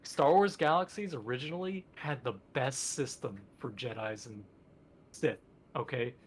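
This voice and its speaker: A man's voice: mid-range voice, unhurried, breathy edge. A man co-hosting a podcast in casual chat, rambling with enthusiasm and lots of fillers. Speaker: podcast co-host.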